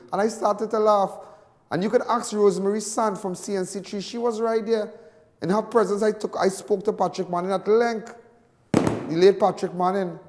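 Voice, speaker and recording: Trinidadian male host, high voice, emphatic and repetitive, in a long reverb. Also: a little mellow. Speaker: talk show host. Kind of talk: impassioned TV commentary.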